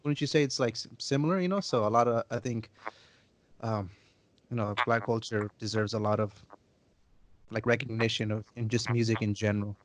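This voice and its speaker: A man's voice: lowish voice, fairly quick, no echo. A man in his twenties hosting a podcast, asking questions in an easygoing, enthusiastic way and repeating words while he thinks. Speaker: podcast host. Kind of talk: casual podcast interview.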